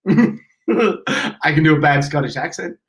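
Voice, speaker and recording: A man co-hosting a casual livestream, cracking jokes and teasing his co-host. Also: slow pace. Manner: joking, playful, with lively pitch jumps.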